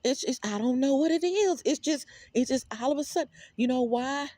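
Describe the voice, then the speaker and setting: A woman's voice: high-pitched, brisk, dark tone, dry recording. A woman talking casually to her viewers in a rambling, emphatic way, repeating words and swearing freely. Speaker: vlogger.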